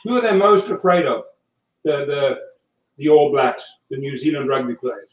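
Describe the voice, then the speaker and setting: A man's voice: medium pitch, animated, moderate pace, muffled recording. Emphatic South African man, echoey room. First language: German. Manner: coaching, emphatic, repeats himself. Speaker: livestream host. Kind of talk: casual livestream chat. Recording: echoey room, far from mic, faint noise.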